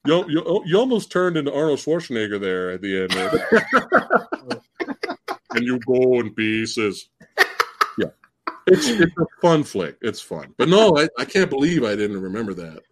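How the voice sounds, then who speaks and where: A man guesting on a casual movie podcast, excitable and swearing casually as he gushes about films. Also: moderate pace, slight background noise. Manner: excitable, swings pitch wildly, swears casually.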